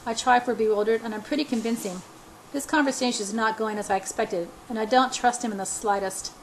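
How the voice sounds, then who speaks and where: A woman reading a novel aloud in a halting way, stumbling over words and restarting. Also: mid-range voice, steady tone, a little hiss or hum, rough recording. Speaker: audiobook reader.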